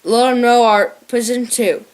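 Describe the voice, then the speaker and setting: A woman reading the part of an eager old male shrew who shouts for his friends. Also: on the high side, fairly even intonation, moderate pace, natural voice.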